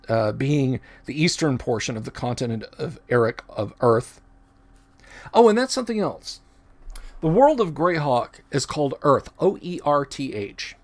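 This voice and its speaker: This livestream host is a middle-aged man with a mid-range, creaky voice. He talks casually and rambles in a chatty way, frequently stopping to correct himself partway through a sentence.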